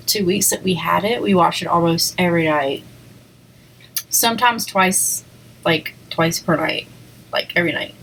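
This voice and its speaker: Mukbang vlogger, woman; slow, rambling chat between bites, faint background hiss. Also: on the low side, creaky, a bit bright, poor audio. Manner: chatty, rambling, talks between bites with mouth sounds. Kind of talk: casual eating vlog chat.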